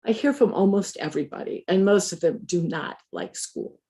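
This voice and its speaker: A woman, once a teacher, telling a personal story in a conversational, measured way with dry humor. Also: medium pitch, expressive, warm tone.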